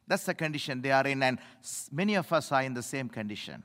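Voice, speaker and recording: A middle-aged male pastor preaching a sermon, emphatic, swinging between loud appeals and low asides, in a church. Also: expressive, fast talker, hardly any pauses. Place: church sanctuary. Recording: echoey hall reverb.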